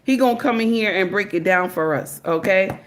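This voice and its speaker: A woman's voice: medium pitch, moderate pace, slight background noise. This is a woman running a casual live-stream commentary, speaking straight to her chat. She talks emphatically, drawing words out and circling back to the same phrases, stopping to greet viewers by name. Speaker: livestream commentator.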